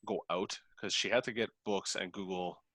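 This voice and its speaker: A man in a casual book club chat who speaks haltingly, searching for his words. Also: low-pitched, fairly even intonation, pushed and bright, no echo.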